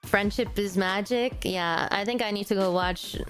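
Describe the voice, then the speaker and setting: A young woman streaming a game, reacting in a casual, excitable, emotional way, rambling and laughing to her chat. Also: medium pitch, moderate pace, faint music behind.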